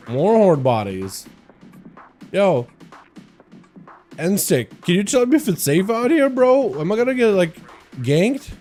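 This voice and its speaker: Tired young guy streaming games, slangy rambling, bit high voice, faint music under it. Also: a little mellow. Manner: laid-back, rambling, slangy, greets chat by name. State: tired, no coffee. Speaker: livestream host. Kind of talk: casual gaming stream chat. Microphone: desk mic in front of green screen.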